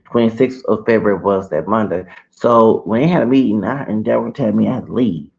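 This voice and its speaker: Man with a gravelly voice ranting. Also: lowish voice, a little fast, lo-fi sound. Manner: heated, rambling, repeats himself, swings loud and soft. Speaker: vlogger. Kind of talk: ranting personal story to camera.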